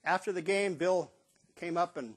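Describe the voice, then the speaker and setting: A man's voice: sits high, normal speed. A man in his seventies telling stories in a casual monologue about his years as a stadium bugler, acting out what people said in a raised voice. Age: 70s. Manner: animated storyteller who acts out quotes in a raised voice.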